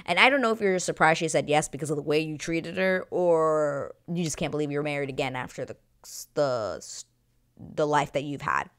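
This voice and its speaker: A woman hosting her own channel, chatting casually as she retells a reality show episode, quoting people in an animated way. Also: deep voice. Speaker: reaction channel host.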